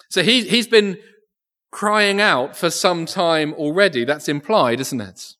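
Slow and earnest, this English preacher delivers a sermon in a voice on the high side that sounds pushed and bright. Long reverb fills the echoey church as he repeats words while thinking aloud.

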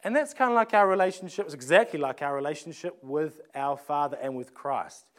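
A man's voice: on the high side, fairly quick, a bit bright. A man, preaching a sermon in a conversational way, often restarting phrases and asking rhetorical questions. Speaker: pastor.

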